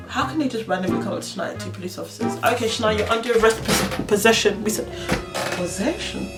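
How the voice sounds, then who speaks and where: A young woman is telling a story to camera and animating every quote she reports. The room echoes because she is set back from the mic. Music plays clearly underneath her. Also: medium pitch, lively intonation, fast talker. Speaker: vlogger. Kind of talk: storytime vlog. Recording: roomy sound from a distance with music.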